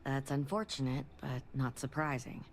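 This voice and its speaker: A woman voicing a guarded doctor in a video game, polite, measured and reserved. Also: a bass voice, steady tone, a little hiss or hum. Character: guarded female doctor bound by confidentiality.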